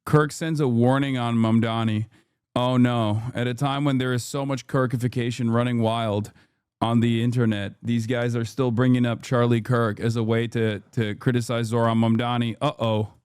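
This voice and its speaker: A man streaming live, reacting to video clips with sarcastic, crude and rapid asides. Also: mid-range voice, flat delivery, a little mellow, clean tone, dry recording, studio quality. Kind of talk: casual live-stream commentary.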